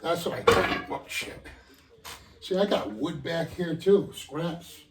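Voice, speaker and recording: A man's voice: on the high side, takes it slowly, noisy background. An older man muttering and cursing to himself, out of breath as he works on model train benchwork. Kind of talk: casual self-talk while working. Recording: roomy echo, mic at a distance.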